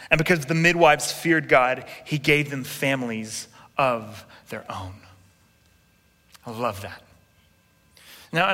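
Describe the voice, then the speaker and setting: A man preaching in a large church hall, his voice carrying a long reverb. He tells the story with energy, slips into quoted voices and turns to the congregation with asides. His tone is bright and a little high. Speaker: pastor. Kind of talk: sermon.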